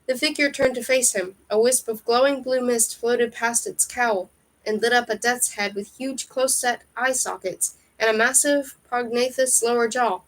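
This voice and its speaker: A woman reading a fantasy novel aloud in steady storybook narration. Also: on the high side, moderate pace, rough recording. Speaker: reader.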